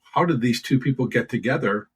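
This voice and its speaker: A man's voice: medium pitch, a little fast, husky, low-quality recording. A man co-hosting a movie podcast, thoughtfully explaining film trivia in casual chat. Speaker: podcast co-host.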